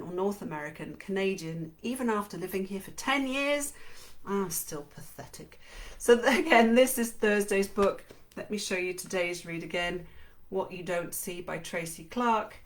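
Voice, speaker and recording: A woman host reading a book's first chapter aloud on a live stream, then chatting with viewers. She talks in a chatty way and laughs easily. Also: lowish voice.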